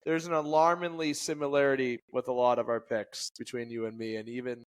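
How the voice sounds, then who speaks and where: A man from Canada in casual podcast chat, mid-pitched and talkative. He trips over his words now and then, then corrects himself and keeps going. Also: flat delivery, brisk, clean tone. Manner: stumbling, self-correcting, chatty. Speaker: podcast co-host.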